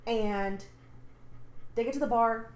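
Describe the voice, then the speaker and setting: A podcast co-host with a fairly high-pitched voice speaks slowly in a reverberant space. She's casually retelling a book's plot in rambling fashion, full of fillers and swearing.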